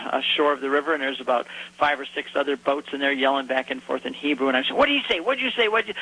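A man telling a personal story in a relaxed conversation, acting out the people he quotes. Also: a little high, rough recording. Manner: animated storyteller, acts out quoted voices. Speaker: guest.

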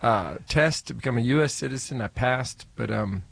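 A man putting on the voice of a male rideshare driver who teases his passenger, speaking slowly and deliberately in a put-on accent. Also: medium pitch, creaky, a bit bright, husky. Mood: teasing. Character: male rideshare driver, newly a citizen, teasing.

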